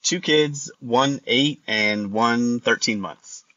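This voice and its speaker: A man's voice: mid-range voice, slow pace, bright, forceful tone, dry recording. A man in his thirties with a Texan accent, calling in to a radio show and speaking hesitantly, often repeating words. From Texas. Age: 30s. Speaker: caller. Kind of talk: phone-in conversation. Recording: lo-fi phone line.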